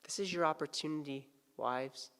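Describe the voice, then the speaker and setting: A male pastor preaching a sermon, swinging from hushed, tender asides to loud, pleading emphasis. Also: a little high, normal speed, clean tone. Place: church sanctuary. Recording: church sanctuary with long reverb.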